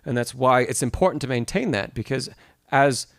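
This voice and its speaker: A man's voice: medium pitch, moderate pace, creaky, dry recording. A man leads a live-streamed piano masterclass in a mid-range voice. He explains notation step by step, reads questions from the chat and answers them, and sings rhythms aloud to show a point. The sound is close and dry, with no room around it. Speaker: piano teacher.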